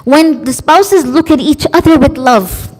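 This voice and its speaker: A woman preacher giving an emotive religious sermon, expressive and acting out quoted voices. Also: high voice, measured pace. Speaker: female preacher. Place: large community centre hall. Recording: long hall reverb.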